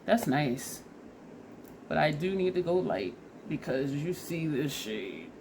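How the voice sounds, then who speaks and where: Chatty woman beauty vlogger, low voice. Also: expressive, slow pace, vocal fry, noisy background. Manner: chatty, narrates each step, laughs at herself. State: sniffly and teary from allergies. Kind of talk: casual makeup try-on tutorial.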